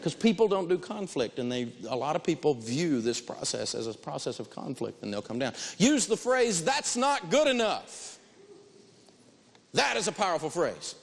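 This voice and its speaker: A man lecturing with emphatic, story-driven delivery, hammering home key phrases. His voice sits a bit high, and a long reverb trails each line as if in a large hall. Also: big pitch swings, brisk, creaky, hardly any pauses, slight background noise. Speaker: financial speaker teaching negotiation. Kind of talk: animated lecture with personal stories.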